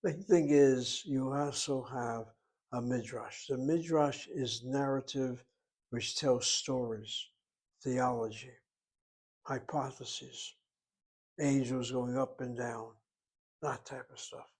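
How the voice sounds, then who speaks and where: A man's voice: medium pitch, steady tone, takes it slowly, darkish tone. Patient male Hebrew teacher lecturing. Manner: patient, explains with asides and rhetorical questions. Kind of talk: explanatory lecture.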